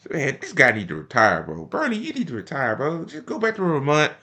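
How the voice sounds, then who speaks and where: Loud mocking profane male reactor. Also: fairly high pitch, wildly swooping pitch, fairly quick. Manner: mocking, slangy, laughs often. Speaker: commentary streamer reacting to a speech.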